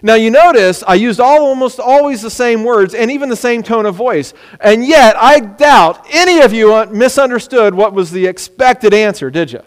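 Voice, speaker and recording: A man preaching a sermon, animated, sometimes acting out the words of people he quotes. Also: very high voice, moderate pace, few pauses, clear, resonant tone. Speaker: pastor. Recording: long hall reverb.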